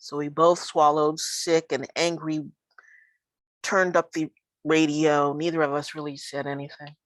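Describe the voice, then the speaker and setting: A woman's voice: deep voice, level tone, a little slow, no room sound, low-quality recording. A woman performing spoken word poetry live, with a rhythmic, emphatic delivery and weary repeated refrains.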